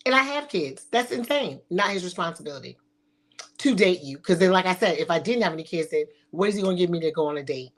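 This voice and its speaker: A woman's voice: fairly low pitch, animated, fast talker. A middle-aged woman hosting a talk show, speaking bluntly and sassily with frequent swearing. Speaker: podcast host. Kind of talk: provocative casual talk.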